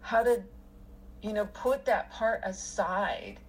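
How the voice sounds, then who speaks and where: A woman's voice: mid-range voice, slow, breathy edge, low-quality recording. A middle-aged woman telling a personal story in casual conversation, rambling with many fillers and restarts.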